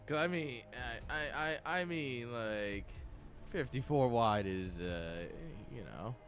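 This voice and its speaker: A man's voice: mid-range voice, animated, slow, a bit bright, faint music behind. A man giving casual live commentary on a strategy game match, dry and sarcastic, rambling with lots of fillers. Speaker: esports caster.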